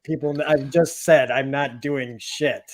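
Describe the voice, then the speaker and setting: A man hosting a casual year-in-review livestream, talking in a relaxed, rambling, self-deprecating way. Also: medium pitch, measured pace, noisy background. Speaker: livestream host. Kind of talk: casual chat.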